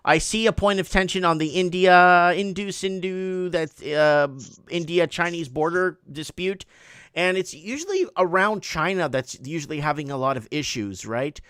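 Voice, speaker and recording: A man's voice: high voice, moderate pace, a bit bright, clean tone, no echo, studio quality. A man hosting a casual call-in show, rambling and reading news headlines aloud with rising emphasis. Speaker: host.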